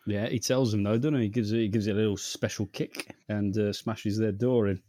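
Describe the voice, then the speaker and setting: A man's voice: fairly low pitch, steady tone, a little fast, warm tone, no room sound, studio quality. A man co-hosting a podcast, chatting casually with sarcastic, sweary banter. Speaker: podcast co-host. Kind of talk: casual chat.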